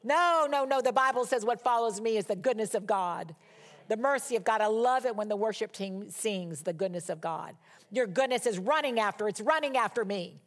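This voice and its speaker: A woman's voice: medium pitch, animated, moderate pace. A woman giving a conversational sermon as a Bible teacher, emphatic and repeating key words for stress.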